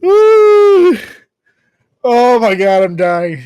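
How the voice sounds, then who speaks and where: A young man co-hosting a podcast who reacts to stories with loud laughter and exclamations in a casual chat. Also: very high voice, wildly swooping pitch, very slow, smooth, dry recording, highs cut off. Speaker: podcast co-host.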